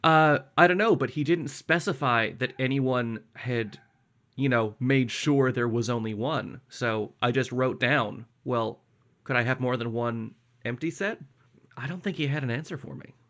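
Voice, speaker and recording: A man's voice: mid-range voice, a little slow, a bit bright. A young man from Canada co-hosting a podcast in casual chat, with dry, self-mocking humor. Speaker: podcast co-host.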